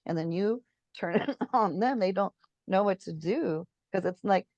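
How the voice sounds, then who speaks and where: A woman's voice: mid-range voice, unhurried, darkish tone, no room sound, lo-fi sound. A woman in a casual spiritual chat, telling stories, acting out quotes and searching for words as she goes. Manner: chatty storyteller, acts out quotes, searches for words. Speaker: guest.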